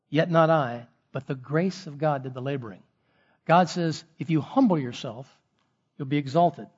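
A pastor preaching a sermon, earnest, acting out short quoted lines of a husband and wife. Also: male voice, a little high, slightly rough, dull audio.

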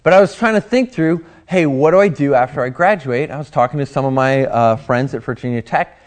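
A man's voice: mid-range voice, a little fast. A young man giving a sermon, telling a personal story earnestly and acting out his own past thoughts. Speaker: pastor.

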